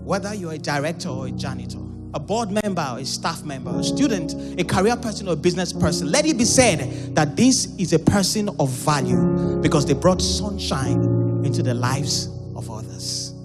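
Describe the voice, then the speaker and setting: A man's voice: a little high, animated, normal speed. Man performing spoken word over guitar. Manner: rhythmic, half-sung delivery.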